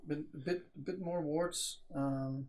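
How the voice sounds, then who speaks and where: A man's voice: a little high, fairly even intonation, takes it slowly, darkish tone. A man in a casual group discussion who speaks hesitantly and trails off often. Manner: hesitant, trails off, lots of fillers. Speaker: co-host.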